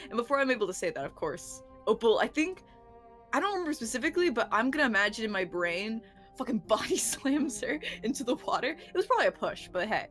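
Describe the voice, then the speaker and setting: A woman with a fairly high voice that swings up and down a lot, recapping a tabletop role-playing session for her group. She rambles and giggles, swears freely and trips over her words. Soft music plays under her voice. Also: lively intonation, brisk. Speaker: player recapping the last session. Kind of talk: casual recap of a tabletop game.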